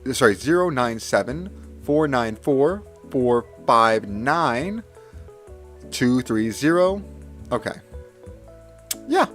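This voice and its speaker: A young man on a live stream rattles off long strings of digits in quick bursts. He stumbles, apologizes and corrects himself in a flustered way. Soft music plays faintly behind him. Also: medium pitch. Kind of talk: live stream memory challenge.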